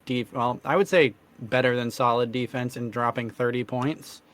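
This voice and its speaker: Male co-host, casual basketball chat, voice worn and hoarse, talkative. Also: medium pitch, steady tone, moderate pace, fairly bright tone. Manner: talkative, clears his throat. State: losing his voice. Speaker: podcast co-host.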